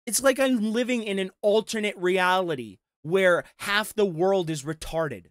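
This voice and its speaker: A man's voice: sits high, measured pace, no room sound, clean studio sound. A man giving heated, profane reaction commentary, talking with sarcasm and frustration. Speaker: commentary streamer.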